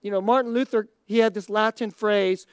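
A woman's voice: medium pitch, steady tone, moderate pace, a little mellow, clear, resonant tone, no echo, clean studio sound. A woman giving an informal Christian teaching talk, conversational and thinking aloud, chuckling often between points. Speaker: Christian speaker.

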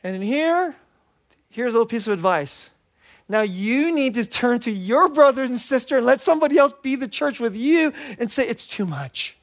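A middle-aged man preaching a sermon as a pastor, animated and laughing often as he acts out what people say. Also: extremely high pitch, normal speed. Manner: animated, laughs often, quotes himself in little voices.

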